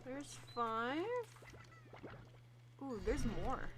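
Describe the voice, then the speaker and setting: Young woman, casual gaming stream chat, playful, slightly high voice, faint background hum. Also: lively intonation, measured pace. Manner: chatty, playful, talking to friends while playing.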